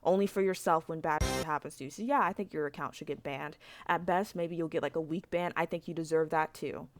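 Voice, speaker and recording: A woman's voice: low-pitched, fairly even intonation, a little fast, music in the background. A young woman telling a story to camera in a frank, rambling rant, with lots of fillers and swearing. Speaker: vlogger.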